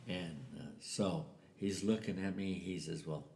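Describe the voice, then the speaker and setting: A man's voice: deep voice, fairly even intonation, a little slow, gravelly, a little mellow, slight background noise. An older man telling a family story in a casual way, acting out the voices of the people in it. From US Southwest. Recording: echoey room.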